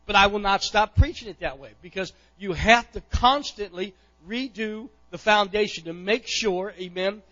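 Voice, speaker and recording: A middle-aged male pastor preaching a sermon, impassioned, often pushing to near-shouts and repeating words as he goes. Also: high-pitched, normal speed, hardly any pauses, dull audio.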